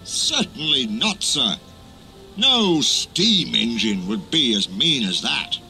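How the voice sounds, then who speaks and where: A man voicing a tired, dignified tank engine who answers politely, gravely and dryly, with music playing underneath. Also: mid-range voice, big pitch swings, slow pace, bright, forceful tone, heavily acted. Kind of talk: storybook character voice.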